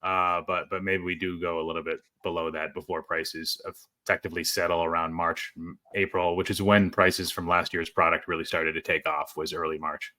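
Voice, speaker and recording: Podcast host, male, deep and bright-toned, conversational with restarts. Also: little pitch movement, a little fast. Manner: conversational, frequent fillers and restarts. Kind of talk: casual chat.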